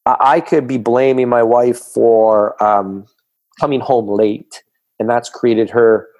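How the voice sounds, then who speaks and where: A man's voice: mid-range voice, steady tone, slow pace, darkish tone, no echo. A middle-aged man who is a guest on a podcast, talking as a fitness coach with emphatic, coaching conviction. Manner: emphatic, coaching tone, acts out quoted voices. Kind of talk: casual podcast conversation.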